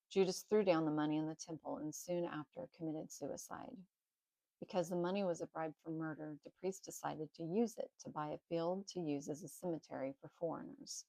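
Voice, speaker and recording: Woman narrator, plain steady reading of a Bible story, deep voice. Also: brisk, gravelly, dry recording, low-quality recording.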